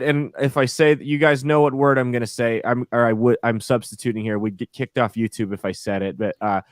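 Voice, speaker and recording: A man co-hosting a casual podcast, telling animated, profane stories full of restarts. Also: medium pitch, brisk, dry recording, clean studio sound. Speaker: podcast co-host.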